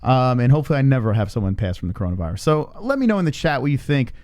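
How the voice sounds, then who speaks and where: A man's voice: medium pitch, sing-song, rapid-fire, darkish tone, dry recording. A man hosting a casual live stream, joking around and swearing, chatting with his co-host.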